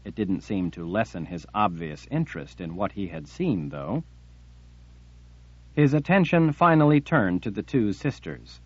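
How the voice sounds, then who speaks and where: A man reading an audiobook in a steady, measured way. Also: on the low side, breathy edge, dry recording, lo-fi sound. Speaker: audiobook narrator. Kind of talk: audiobook narration.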